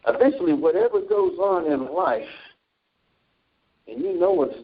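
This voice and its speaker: Guy preaching off the cuff on a christian show, gravelly voice jumping all over, kinda dull lo-fi sound. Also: on the high side, normal speed, pauses often. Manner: animated storytelling with scripture readings. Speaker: Christian talk show host. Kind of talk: informal preaching.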